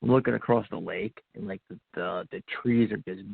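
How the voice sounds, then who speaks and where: Earnestly recounting a personal experience as a podcast guest, a man performs the words he said to himself back then. He has a lowish, gravelly, husky voice and a brisk pace, and the tinny, phone-like recording is dry with no echo.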